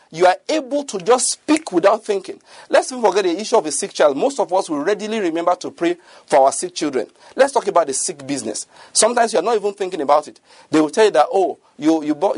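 A man's voice: sits high, a little mellow, no room sound. A middle-aged man preaching a sermon, earnest and repetitive, often checking that listeners follow him.

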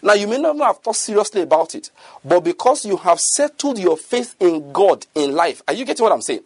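A middle-aged male preacher with a fairly high, husky voice. He speaks earnestly and keeps checking whether his listeners follow him. The sound is dry and close, with no room echo. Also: big pitch swings, a little fast. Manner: earnest, repetitive, often asks listeners if they follow. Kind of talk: sermon.

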